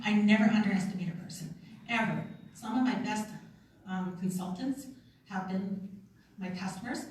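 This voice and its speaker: A woman's voice: a little high, a little hiss or hum. A woman giving a casual, chatty motivational talk to a room at a retreat, laughing often and acting out little quotes. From Canada. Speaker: sales consultant speaking at a retreat. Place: conference room. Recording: echoey hall, mic from far off.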